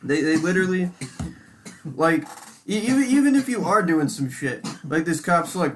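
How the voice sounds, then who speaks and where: A man's voice: high voice, expressive, a little fast, a little hiss or hum. A young man co-hosting a casual podcast, ranting heatedly and profanely with many fillers. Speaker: podcast co-host. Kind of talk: casual chat.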